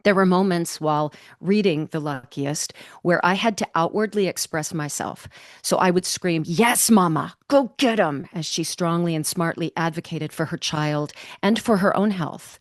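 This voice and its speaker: A woman hosting a podcast, reading a heartfelt guest introduction and chatting expressively, with emphatic upward swings when excited. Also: fairly low pitch, dry recording, clean studio sound. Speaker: podcast host. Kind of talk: scripted introduction and casual interview chat.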